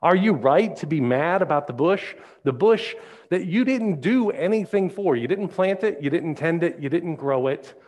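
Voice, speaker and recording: A man's voice: on the high side, lively intonation, moderate pace, darkish tone, voice pushed up. A man preaching, voicing God as he asks a string of reproachful questions. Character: patient, questioning God, a male voice.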